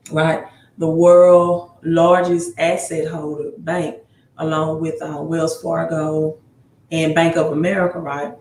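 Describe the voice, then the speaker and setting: A tired man hosts a casual livestream on credit, calling out viewers by city and reading their comments aloud. His voice sits high for a man. The room around him rings, with a faint hum of ambience behind. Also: reverberant. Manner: reads news items aloud, with tag questions. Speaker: livestream host giving credit advice.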